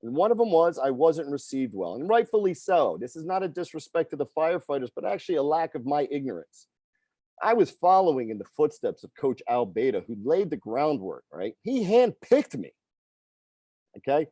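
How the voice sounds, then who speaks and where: A man's voice: fairly high pitch, sing-song, normal speed, dark tone, no room sound. A middle-aged man, a fitness coach, telling a personal story in a conversational way and often tagging sentences with "right?" and "okay?". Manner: conversational, frequent tag questions.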